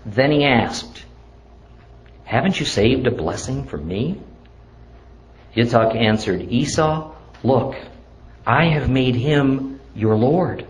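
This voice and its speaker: A man teaching a Bible lesson, reading the scripture verse by verse in a measured, deliberate way before explaining it. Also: mid-range voice, animated, low-quality recording.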